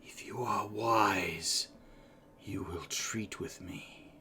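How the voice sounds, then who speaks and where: A man doing a menacing monster in a whispered role-play, breathing its threats slowly in a hushed, airy voice with a hard, bright edge. It speaks from low in the throat, drawing every word out. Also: a little hiss or hum, exaggerated voice. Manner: slow, threatening. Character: menacing whispering creature with pets.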